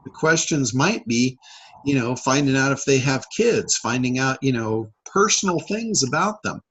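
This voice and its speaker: A man's voice: mid-range voice, animated, normal speed, a bit bright, husky, low-quality recording. A man hosting a casual coaching call, talking in a rambling way with many fillers and restarts. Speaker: public speaker and sales trainer.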